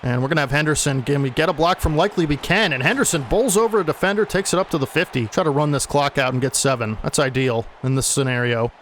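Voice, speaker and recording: Young male gaming host, fairly high voice, casual play-by-play over his own game that turns exasperated, faint hiss in the background. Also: fast talker. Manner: casual, gets agitated and exasperated at bad plays. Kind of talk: play-by-play commentary over gameplay.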